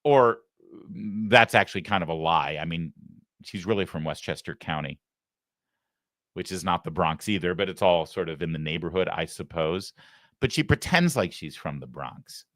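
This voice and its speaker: A man hosting a talk show, giving sarcastic, mocking commentary in an animated way. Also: deep voice, normal speed, no room sound, clean studio sound. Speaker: host.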